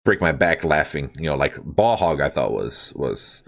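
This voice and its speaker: A man's voice: extremely low pitch, moderate pace, creaky. A man hosting a podcast, chatting casually about comedy specials, laughing often and filling his talk with "like" and "you know". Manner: animated, laughs often, many fillers. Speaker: podcast host. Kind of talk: casual chat.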